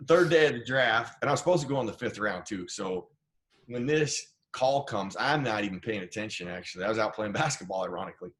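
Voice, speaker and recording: A middle-aged man from Idaho, a former football player telling stories from his career as an interview guest, animated and acting out the people he quotes. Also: on the low side, brisk. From Idaho, USA. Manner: animated storyteller, acts out quoted voices. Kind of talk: casual storytelling interview.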